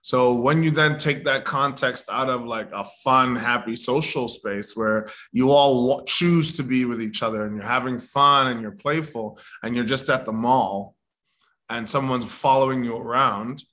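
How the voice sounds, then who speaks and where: Actor guy chatting in an interview, bright forward voice, lively storyteller who acts out voices. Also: mid-range voice, normal speed. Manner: animated, acts out quoted voices.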